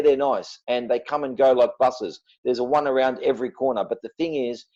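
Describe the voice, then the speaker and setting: A man speaking as a podcast guest, blunt and forceful, cursing freely as he makes his points. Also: mid-range voice, dull audio. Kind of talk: passionate podcast talk.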